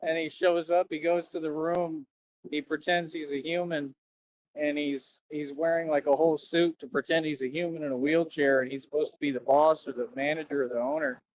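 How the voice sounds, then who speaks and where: A man's voice: on the high side, level tone, brisk, no room sound, highs cut off. A man livestreaming outdoors near a road, rambling and repeating himself as he chats to viewers. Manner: rambling and repetitive, keeps saying "that's right". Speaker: livestreamer asking viewers for donations. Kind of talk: casual rambling livestream chat.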